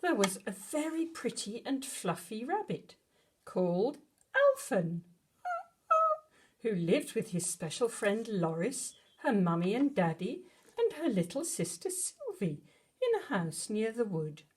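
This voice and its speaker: Female storyteller, breathy voice, slow and expressive bedtime reading. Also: on the high side. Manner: expressive, dramatic gasps and animal noises. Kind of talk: bedtime story read to children.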